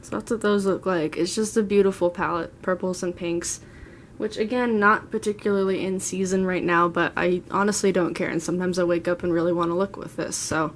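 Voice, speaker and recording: A beauty vlogger in her twenties sits at home, chatting through a casual tour of her makeup collection, gushing and rambling. Her voice sits on the low side with fairly even intonation, she talks fairly quickly, and there's slight background noise.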